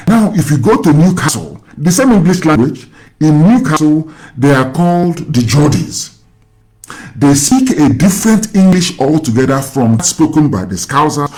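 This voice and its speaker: A man's voice: on the high side, darkish tone, rough recording. Lecturing Nigerian man, rhetorical questions. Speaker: radio host. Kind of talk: casual call-in chat.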